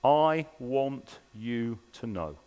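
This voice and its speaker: A man's voice: mid-range voice, animated, extremely slow, a little mellow, smooth. A man preaching a sermon at a church service, earnest and pressing his listeners with repeated rhetorical questions. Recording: long reverb of a large hall.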